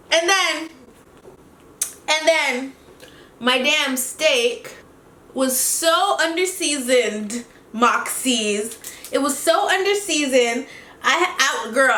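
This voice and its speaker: Chatty animated woman in an echoey room. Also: fairly high pitch, a little hiss or hum. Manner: animated, chatty, quick laughs. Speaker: beauty vlogger. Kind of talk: casual storytelling while doing makeup.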